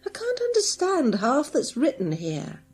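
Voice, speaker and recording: A blunt countrywoman crook, impatient and grumbling, as a woman narrator puts her on. Her voice sits higher than the reading voice. She is a character in a storybook. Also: wildly swooping pitch, a little slow, darkish tone, exaggerated voice.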